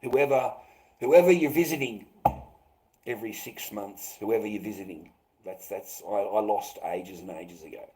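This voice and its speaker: A middle-aged Australian man talks to his viewers in a long, bitter, rambling monologue. His voice sits fairly low, and he swears heavily, repeats himself, and keeps tossing in "mate.". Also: moderate pace, dark tone, poor audio. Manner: profane, bitter, repetitive, calls listeners mate. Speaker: vlogger.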